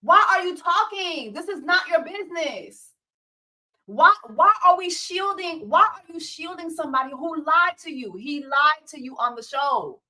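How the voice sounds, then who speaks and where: Brief: woman host, loud incredulous commentary with lots of swearing, sharp bright tone. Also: high-pitched, a little slow. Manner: animated, profane, incredulous rants. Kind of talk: casual reality-TV commentary livestream.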